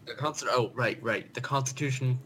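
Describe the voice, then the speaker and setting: A man's voice: mid-range voice, fairly quick, bright, forceful tone, slight background noise. A man co-hosting a casual podcast, answering quiz questions with self-deprecating jokes. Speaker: podcast co-host, quiz contestant.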